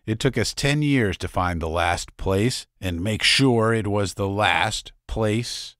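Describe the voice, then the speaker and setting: A man voicing a gruff older revolution veteran in an audiobook, telling war stories in a deep, furry voice with boastful swagger. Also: slow, fairly bright tone, dry recording, clean studio sound. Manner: boastful, beer-soaked storytelling. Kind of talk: audiobook character voice.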